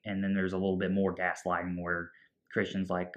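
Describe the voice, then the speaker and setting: A man's voice: low voice, little pitch movement, moderate pace, muffled recording. A man casually recapping a film scene by scene, acting out the characters' lines as he goes. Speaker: movie podcast co-host. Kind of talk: casual movie recap chat.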